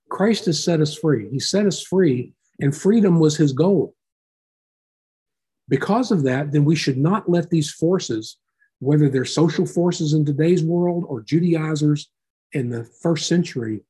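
A man leading a Bible study class, reading verses aloud and explaining them in a relaxed, conversational way. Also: fairly high pitch, husky. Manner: relaxed, explanatory, reads scripture aloud then unpacks it.

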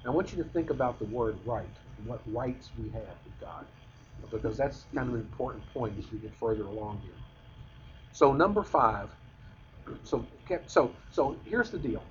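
A man's voice: mid-range voice, expressive, moderate pace, a little hiss or hum. A man teaching a rambling Bible class. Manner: conversational, rambling, with restarts. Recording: dull lo-fi recording.

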